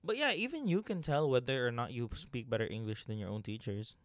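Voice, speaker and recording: A man's voice: mid-range voice, animated, a little fast, dry recording, clean studio sound. A young man from the Philippines with a slight Filipino accent, co-hosting a casual podcast chat, joking and swearing freely. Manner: joking, swearing, laughs often. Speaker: podcast co-host.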